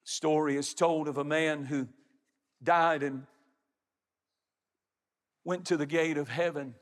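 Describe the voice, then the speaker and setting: High-voiced preacher man in a reverberant hall. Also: steady tone, slow pace. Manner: emphatic preaching with dramatic rises and drops. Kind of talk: sermon. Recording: long hall reverb with faint music.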